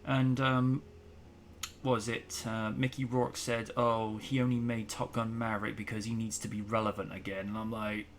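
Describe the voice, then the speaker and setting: A man's voice: fairly low pitch, little pitch movement, normal speed, a little hiss or hum. A man hosting a casual talk show, chatting in an opinionated, rambling way with plenty of fillers. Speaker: podcast host. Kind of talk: casual chat.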